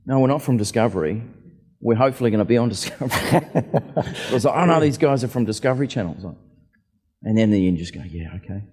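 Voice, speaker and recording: A man's voice: medium pitch, lively intonation, fast, darkish tone, slightly rough. A man telling stories casually on stage as an author at a book festival, acting out the voices of people he met. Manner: chatty, acts out quoted voices. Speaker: author and aviator, festival guest. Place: festival venue hall. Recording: reverberant hall.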